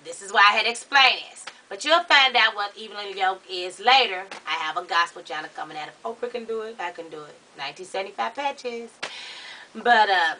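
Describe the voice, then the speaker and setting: A man's voice: sharp tone, far from the mic, a little hiss or hum, heavily acted. A man playing a gossipy, sassy middle-aged Baptist woman, chatting dramatically to the viewers. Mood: storytelling. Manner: chatty, dramatic, rising to shrill outbursts. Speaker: comedy character show host. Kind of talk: character comedy monologue to camera.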